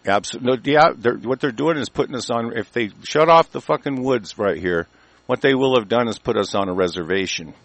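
A man's voice: mid-range voice, fairly quick, no echo. A middle-aged man calling in to a talk show, ranting in a heated, profane, rambling way with many restarts. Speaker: caller. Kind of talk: angry call-in rant. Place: rural mountain area.

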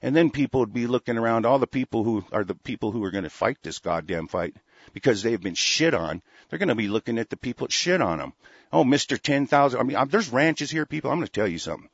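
A man's voice: mid-range voice, animated, fast, no room sound. A man from Oregon delivering a fiery, profane, rambling political rant as a talk host. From Oregon, USA. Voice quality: gravelly, husky. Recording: dull lo-fi close mic.

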